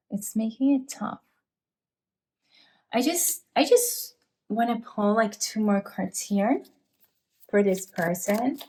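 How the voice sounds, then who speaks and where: A woman giving an emotional pick-a-card tarot reading, sighing and halting with many restarts as she speaks to her viewers. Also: mid-range voice, expressive, warm tone. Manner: speaks directly to viewers, calling them you guys. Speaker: tarot reader.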